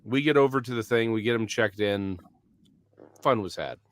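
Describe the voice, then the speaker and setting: A man's voice: on the low side, normal speed, dry recording. A man from Texas in casual banter with a friend, laid-back and joking. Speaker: podcast co-host. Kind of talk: casual chat.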